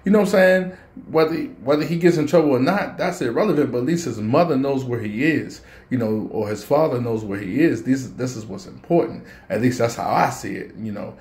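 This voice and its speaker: A man's voice: medium pitch, fairly quick, a little mellow, roomy sound. A man, telling a personal story and speaking to parents in a casual, earnest vlog. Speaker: vlogger.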